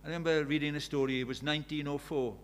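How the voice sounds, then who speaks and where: A man's voice: a little high, steady tone, fast talker, a little hiss or hum. A man preaching a sermon, telling stories in a conversational way and building to urgent emphasis.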